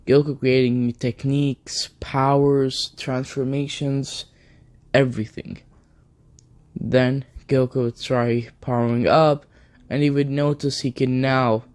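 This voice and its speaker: Slow, rambling young man telling a fan story. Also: mid-range voice, a little mellow. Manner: rambling, strings events together with "then". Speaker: video narrator. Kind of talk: improvised fan story narration.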